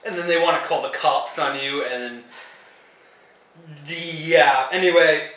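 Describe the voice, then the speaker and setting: A teenage boy with a bright, sharp voice jokes and chimes in during a casual chat. He is recorded from a distance in a very echoey room. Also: a little high, a little slow. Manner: joking, chiming in. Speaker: vlogger. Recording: echoey room, mic far off.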